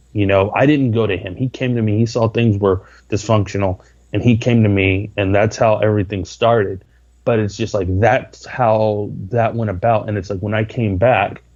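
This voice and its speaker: A man's voice: fairly low pitch, darkish tone, lo-fi sound. A man talking as a podcast guest, rambling with lots of filler words. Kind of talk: casual interview talk.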